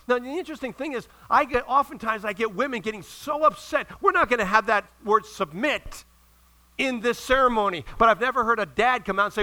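A middle-aged male pastor preaching a sermon, retelling stories in a lively way and acting out the characters' lines. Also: very high-pitched, brisk, low-quality recording. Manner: animated storytelling with acted-out quotes.

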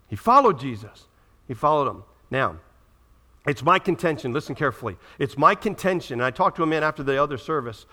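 Male pastor, middle-aged, high and bright voice, dramatic sermon delivery that rises to loud peaks and drops to near-whispers. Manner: dramatic retelling, swings from loud bursts to hushed asides.

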